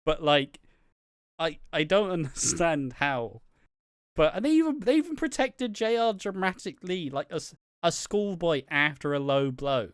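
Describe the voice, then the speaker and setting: A man's voice: fairly high pitch, sing-song, moderate pace, smooth, dry recording, studio quality. A man co-hosting a wrestling review podcast, chatting casually with sarcastic, sweary asides and frequent laughs. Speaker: podcast co-host.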